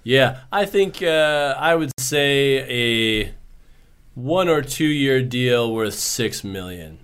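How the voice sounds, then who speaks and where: A man co-hosting a sports podcast, giving measured takes in a relaxed, conversational way. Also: mid-range voice, clean tone. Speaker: podcast co-host. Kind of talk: casual sports talk.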